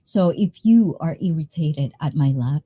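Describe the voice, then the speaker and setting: A Filipino woman hosting a casual livestream chat, bubbly and quick to laugh between lines. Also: sits low, lively intonation, dark tone, husky. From Philippines. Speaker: livestream host.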